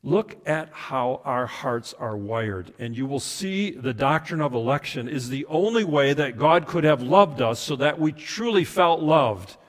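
Earnest pastor preaching in a hall. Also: male voice, mid-range voice, lively intonation, a little slow, few pauses. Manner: earnest, emphatic preaching that drops to soft, intimate asides. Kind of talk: sermon. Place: church sanctuary. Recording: reverberant hall sound.

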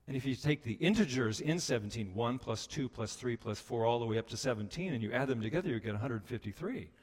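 A man preaching a sermon as a pastor, telling the story with animated delivery and acting out the voices of people he quotes. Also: mid-range voice, fast, long reverb tail.

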